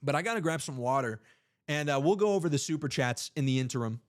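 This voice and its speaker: A man's voice: a little high, expressive, fast talker. A young man hosting a political livestream, speaking emphatically with rhetorical questions and playful asides. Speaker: livestream host.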